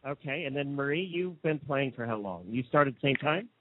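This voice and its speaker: A man's voice: medium pitch, expressive, brisk, no room sound. A man hosting a casual radio interview, chatty and enthusiastic as he tells stories. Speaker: show host. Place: Lexington area, United States. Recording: dry, phone-like narrow sound.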